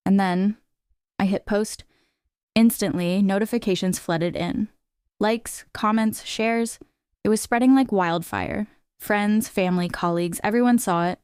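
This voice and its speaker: A woman narrates a first-person story in a smooth, crisp voice that sits at a mid pitch. The delivery is steady and scripted. The recording is close and dry, with no room sound. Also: moderate pace, no echo.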